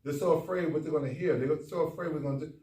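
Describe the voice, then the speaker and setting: A man, a doctor, giving a folksy, animated talk at a men's conference, speaking straight to the audience. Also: fairly high pitch, rapid-fire. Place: conference room. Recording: echoey hall, far from the mic, faint noise.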